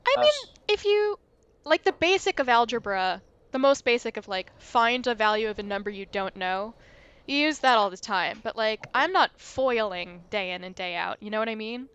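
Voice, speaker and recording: A woman's voice: mid-range voice, animated, moderate pace, a bit bright, smooth, muffled recording. A woman hosting a game livestream, chatting in a rambling, self-deprecating way. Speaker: livestream host. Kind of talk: casual let's-play chat.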